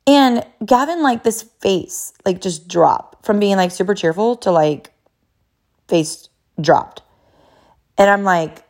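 A woman in her thirties tells a family story straight to her viewers, chatty and loose, with a steady stream of fillers. She slips into quick quoted voices for her kids and her husband, and her pitch sits in the middle range for a woman. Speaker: mother telling a family story.

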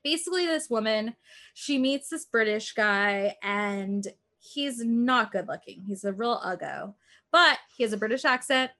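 A slightly high, expressive female voice with a sharp tone and an unhurried delivery. She chats as a podcast co-host, rambling through a true-crime retelling packed with "like" and quotes she acts out.

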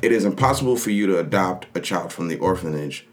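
A man chatting casually about a video game, telling stories with lively energy and acting out characters in funny voices. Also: low-pitched, fast. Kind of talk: casual gaming chat.

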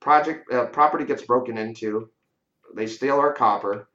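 A man's voice: medium pitch, normal speed, sharp tone. A man telling a story in a casual interview, talking conversationally and often adding "you know" and "right?". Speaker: real estate investor guest. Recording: dull lo-fi audio in a roomy space.

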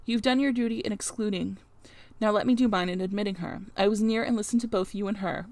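Woman reading a calm grave young gentleman. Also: mid-range voice, no echo, natural voice. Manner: calm, measured, authoritative.

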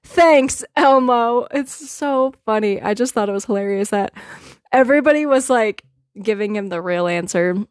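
A woman's voice: medium pitch, normal speed, darkish tone, dry recording, clean studio sound. A woman hosting her own podcast in casual solo chat, blunt and opinionated, laughing often and swearing freely. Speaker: podcast host.

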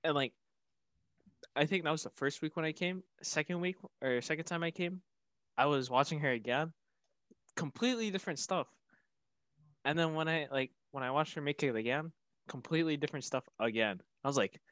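A young man with a slightly high voice rambles through a story, leaning heavily on filler words. The sound is dry and close, with nothing heard around him. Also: fairly quick, pauses often, a bit bright, dry recording. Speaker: podcast co-host. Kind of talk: casual chat.

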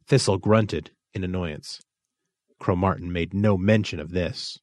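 A man reading a story aloud as narrator, in expressive, measured storytelling. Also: deep voice, no room sound, studio quality. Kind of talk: scripted audiobook narration.

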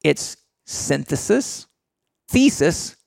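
Middle-aged male guest, blunt lecturing delivery, gravelly high voice. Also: sing-song, extremely slow, a little mellow, no echo, studio quality. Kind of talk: motivational talk.

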